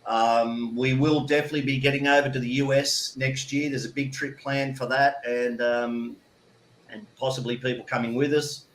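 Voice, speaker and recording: A man's voice: medium pitch, little pitch movement, normal speed, a little hiss or hum. Rambling Australian man in his fifties. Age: 50s. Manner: rambling, with many restarts and fillers. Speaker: guest. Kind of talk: casual chat. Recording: echoey room.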